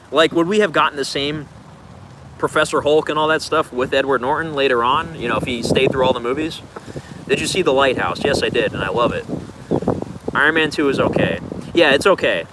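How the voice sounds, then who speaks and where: Male streamer, mid-range voice, relaxed and rambling Q&A delivery, noisy recording. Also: mid-range voice. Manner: rambling, laid-back, loose filler words. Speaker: streamer answering viewer questions. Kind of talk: casual livestream Q&A.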